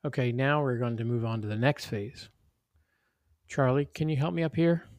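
A man's voice: mid-range voice, brisk, dry recording, clean studio sound, lightly acted. A man voicing an earnest neighborhood mother teaching children in a read-aloud story. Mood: teacherly.

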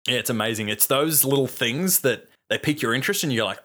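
A man chatting casually about a film, animated, swearing freely and acting out lines from scenes. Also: mid-range voice, fast talker, hardly any pauses.

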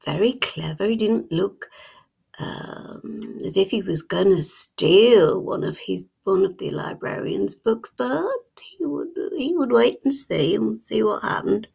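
A woman telling a storybook tale in hushed, whispered storytelling ASMR, with lingering pauses. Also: mid-range voice, expressive, gravelly, husky.

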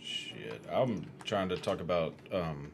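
A man's voice: sits low, sing-song, slow. A man in casual podcast chat who talks in a laid-back way, swearing and joking. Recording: clear background noise.

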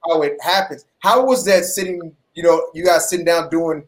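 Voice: medium pitch, normal speed. Easygoing host, joking and chatty. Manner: relaxed, joking, filler-heavy. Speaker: podcast host. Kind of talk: casual interview chat.

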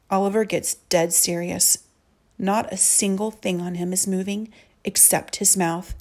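A woman reads a children's story aloud in the first person. Her narration is soft and earnest. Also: mid-range voice, fairly even intonation, unhurried. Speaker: audiobook narrator.

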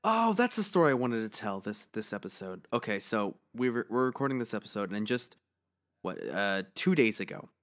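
Hoarse, animated man telling stories. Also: lowish voice, brisk. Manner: animated storytelling, swears freely, laughs a lot. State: slightly hoarse. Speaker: podcast co-host. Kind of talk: casual chat.

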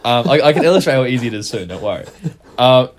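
A man's voice: medium pitch, lively intonation, fast. A young man, co-hosting a podcast and telling stories in a loose, profane, rambling way. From New Zealand. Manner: profane, rambling, laughs through his stories. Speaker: podcast co-host. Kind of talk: casual storytelling chat.

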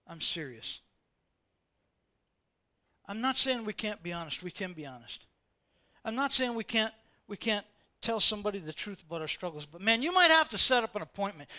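A pastor preaches in a conversational way, repeating phrases for emphasis and acting out the voices he quotes. His voice sits high with a sharp tone.

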